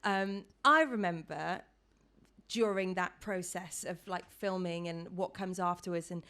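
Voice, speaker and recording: Bright, animated woman host. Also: unhurried. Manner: animated, acts out quoted voices with big pitch leaps. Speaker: podcast host. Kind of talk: casual interview chat.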